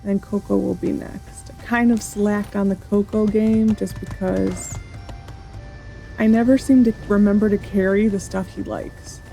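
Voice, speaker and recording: A woman's voice: mid-range voice, fairly even intonation, unhurried, creaky, warm tone, soft background music. Chatty woman narrating her gameplay. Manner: chatty, thinking aloud while playing. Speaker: gameplay video host. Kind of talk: casual gameplay commentary.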